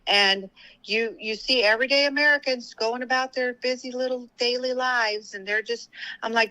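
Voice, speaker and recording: Bright-voiced woman, heated and rambling. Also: fairly high pitch, fairly even intonation, moderate pace, rough recording. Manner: rambling, heated, with many fillers and restarts. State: tired. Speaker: guest. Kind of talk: casual political talk.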